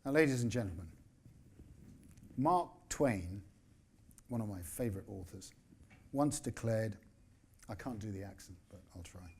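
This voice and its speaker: Husky-voiced man in his sixties. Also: fairly low pitch, expressive, a little mellow. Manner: measured, emphatic delivery with dry spoken asides. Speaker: newspaper editor giving a keynote. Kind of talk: conference keynote speech.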